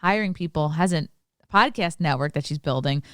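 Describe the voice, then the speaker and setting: A woman's voice: low-pitched, moderate pace, fairly bright tone, clean tone, dry recording, studio quality. A woman co-hosting a casual podcast chat, talking bluntly and swearing casually. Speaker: co-host.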